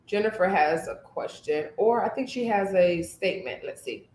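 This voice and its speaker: A woman co-hosting a podcast, speaking at an ordinary middle pitch. She talks like the therapist she is, animated and thoughtful, and now and then pauses to find the right word. The room around her is roomy and echoey. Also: a little hiss or hum. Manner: animated, thoughtful, searches for words. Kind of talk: casual conversational podcast. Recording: roomy echo.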